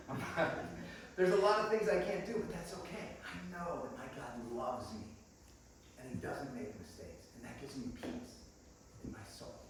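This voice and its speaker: A man preaches a sermon as a guest in a church sanctuary, eagerly chatting with the congregation, calling them friends and laughing often. He speaks at medium pitch and normal speed with fairly even intonation. The echoey room is recorded from a distance, with background noise.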